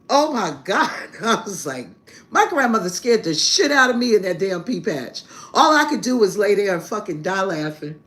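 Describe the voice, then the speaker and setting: A woman's voice: mid-range voice, lively intonation, moderate pace, fairly bright tone. Brash, profane woman telling a story. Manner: brash and profane, calls listeners "baby"; laughs heartily through the story. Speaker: spiritual reader hosting a live stream. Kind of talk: casual storytelling to a live chat.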